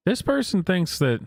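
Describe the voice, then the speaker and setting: A man hosting casual reaction commentary, incredulous and halting, often breaking into laughter. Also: sits high, vocal fry, dry recording, clean studio sound. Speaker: host.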